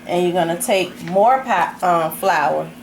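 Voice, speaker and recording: This is an informal cooking tutorial: a home cook with a lowish voice, speaking slightly slowly, chats easily through a recipe as she prepares it. Clattering dishes and pans fill the kitchen background.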